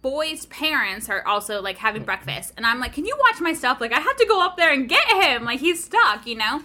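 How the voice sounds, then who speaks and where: A woman's voice: sits high, sing-song, fairly quick, sharp tone. A woman in her thirties, a podcast co-host, telling a story in casual chat, swearing freely.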